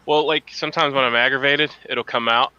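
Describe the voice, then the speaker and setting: A man's voice: medium pitch, fairly even intonation, brisk, bright, forceful tone, clean tone, lo-fi sound. A man chatting casually as a podcast host, telling profane stories and laughing often. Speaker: podcast host, Marine veteran. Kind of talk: casual chat.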